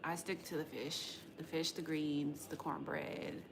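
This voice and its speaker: Very animated yet a little slow, a woman with a low-sitting voice runs a tarot livestream against background noise. She's from the US West Coast and chats loosely with viewers, slangy and rambling, swearing casually as she goes.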